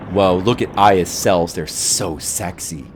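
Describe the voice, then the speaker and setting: Man, low voice, animated, goofy gaming commentary, dry sound, faint music. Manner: goofy, jokey, laughs often. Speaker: streamer playing a game. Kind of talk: casual joking commentary over gameplay.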